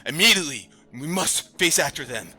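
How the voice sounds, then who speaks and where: Give me a loud, bright vampire pirate captain who hisses and boasts, as a man plays him. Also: mid-range voice, lively intonation, normal speed, gravelly, heavily acted. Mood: urgent. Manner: hissing, bellowing, boastful.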